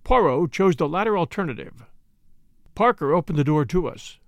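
A man narrating a story in a measured, expressive audiobook reading. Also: fairly high pitch, no echo. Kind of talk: scripted narration.

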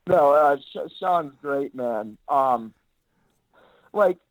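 A man's voice: a little high, animated, drawn-out words, no room sound, dull audio. A man being interviewed as an actor guest, talking in an easygoing, rambling way with lots of filler words. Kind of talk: casual interview chat.

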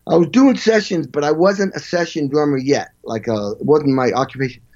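A man spins animated stories about his work as a drummer, slipping into quoted voices and scatting the beats. His voice sits a bit high for a man. The recording sounds dull and lo-fi. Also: a little fast. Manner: animated, acts out quotes and vocalizes drum parts. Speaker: guest, session drummer. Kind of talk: storytelling interview.

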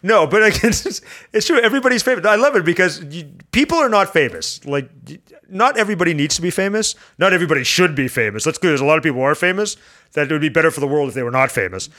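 A man chatting as a podcast guest, an animated storyteller whose voice jumps high when excited. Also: quick pace. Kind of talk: casual chat.

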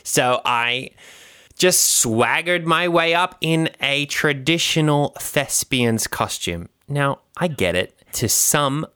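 A man's voice: fairly high pitch, lively intonation, slow pace, sharp tone, clear, resonant tone, no room sound, studio quality. A man improvising a comedy bit as a self-important campaign manager, speaking with mock-cultured bluster.

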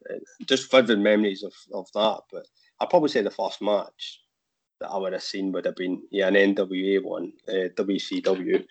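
A man chatting casually as a podcast guest, relaxed and quick to laugh. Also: low voice, creaky, slightly rough. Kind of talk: casual chat. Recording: muffled lo-fi remote audio.

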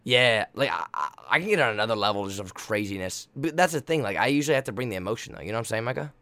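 A man's voice: on the low side, expressive, very fast, sharp tone, dry recording. A young man telling a rambling, profanity-laced story in casual chat, hyped-up and emotional. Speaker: podcast co-host, volleyball player.

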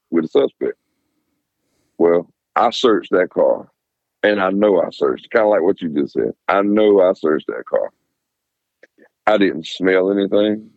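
A middle-aged man, a former police officer, telling stories casually in a podcast interview, animated and cursing freely. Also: deep voice, no echo, muffled recording. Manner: animated, swears freely, acts out quoted voices.

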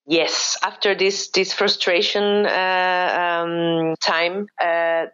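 Laughing woman with a low voice. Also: little pitch movement, very slow, a bit bright, smooth. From Chile. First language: Spanish. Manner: hesitant, many restarts, laughs readily. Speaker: guest, psychologist and expat coach. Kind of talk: casual interview storytelling. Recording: dull lo-fi recording.

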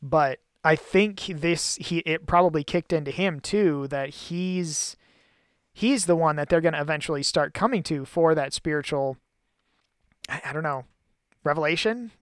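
Smooth, reflective man in Bible talk. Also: fairly high pitch, a little slow, a bit bright, no echo, studio quality. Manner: thoughtful, explains at length with restarts. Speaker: Bible study co-host. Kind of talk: casual Bible study discussion.

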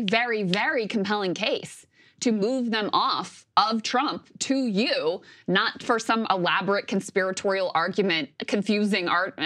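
Brief: female political show co-host, analytical and dismissive, mid-pitched. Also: fairly bright tone. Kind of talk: political commentary chat.

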